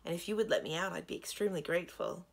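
A woman's voice: lowish voice, rapid-fire, vocal fry, slightly rough. A woman voicing a gloomy, earnest and apologetic young prince turned to stone in a storybook.

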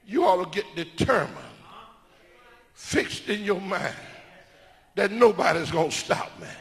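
A man preaching a sermon as bishop, building into shouted, sung cadences. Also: high-pitched, big-room sound.

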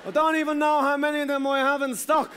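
An Irish man doing rambling, profane stand-up on a theatre stage, halting and restarting his sentences. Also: very high voice, flat delivery. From Ireland. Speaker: stand-up comedian. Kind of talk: stand-up routine. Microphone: stage microphone. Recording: live show, noisy crowd.

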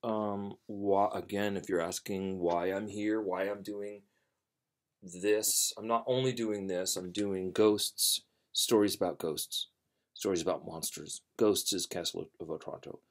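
A man hosting a storytelling channel, chatting casually before a reading, rambling and halting with many fillers and restarts. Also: sits low, fairly even intonation.

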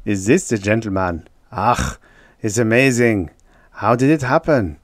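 A man voicing an excitable middle-aged male German physicist with a German accent, eagerly explaining. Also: fairly low pitch, measured pace, dry recording. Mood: excited.

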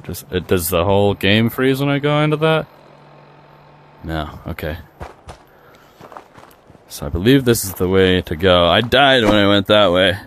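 Deep-voiced man chatting over gameplay. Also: expressive, unhurried, long pauses, a bit bright, a little hiss or hum. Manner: chatty, joking, reacting aloud. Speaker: gaming streamer. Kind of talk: casual gameplay commentary.

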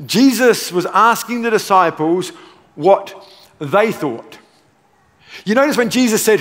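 A pastor preaching a sermon in a church auditorium, emphatic and repeating key phrases, with playful asides. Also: male voice, sits high, animated, brisk. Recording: long church hall reverb.

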